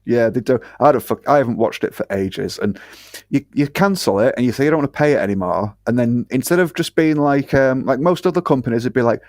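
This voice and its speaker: A man's voice: mid-range voice, expressive, a little fast, a little mellow, no room sound, clean studio sound. A man from the north of England with a Northern English accent, a guest ranting bluntly and swearing freely in casual podcast chat.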